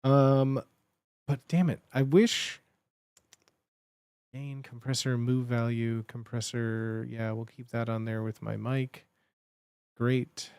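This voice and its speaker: A man's voice: medium pitch, steady tone, slow pace, pauses often, darkish tone, clean tone, dry recording. A man hosting a live stream, chatting casually and muttering to himself as he fiddles with his setup, laughing often.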